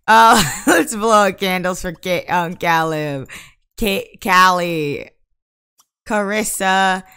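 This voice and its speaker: A woman giving casual Let's Play commentary, exasperated and bursting into loud outbursts at the game. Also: lowish voice, clear, resonant tone. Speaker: gaming YouTuber.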